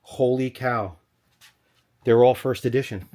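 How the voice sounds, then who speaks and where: A man vlogging from a storage locker, rambling and thinking aloud in an excited stop-start way, a little out of breath. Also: medium pitch, a little slow. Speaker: storage unit reseller. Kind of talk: excited unboxing vlog.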